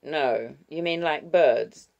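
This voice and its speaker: Woman doing a gruff, low, gravelly old grandfather for an audiobook; blunt and grumbling. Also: takes it slowly, highs cut off, heavily acted. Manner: gruff, growling.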